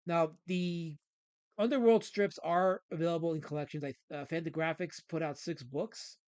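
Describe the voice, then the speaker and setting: A man's voice: a little high, fairly even intonation, moderate pace, a little mellow, clear, resonant tone, no echo. A man hosting a casual talk show about comics, rambling and reading strips aloud with lots of fillers. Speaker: host.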